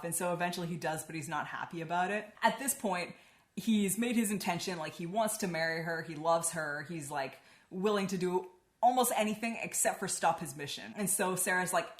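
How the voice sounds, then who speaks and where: A woman's voice: on the low side, a little fast, echoey room. A woman giving a casual spoken book review, chatty and swearing freely, with lots of "like".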